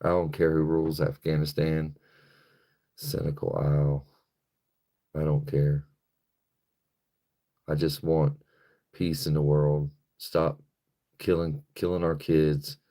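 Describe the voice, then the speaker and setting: A man's voice: rumbling low, dark tone. An American man hosting a livestream, ranting angrily and profanely while reading chat. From United States. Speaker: livestream host. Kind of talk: live-stream rant reading chat.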